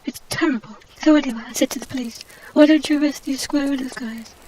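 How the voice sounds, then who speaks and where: A woman's voice: high-pitched, fairly even intonation, fast, darkish tone, slight background noise, lightly acted, rough recording. A woman voicing a haughty, out-of-work adventurer heroine, rambling snobbish gossip over gameplay commentary. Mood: indignant.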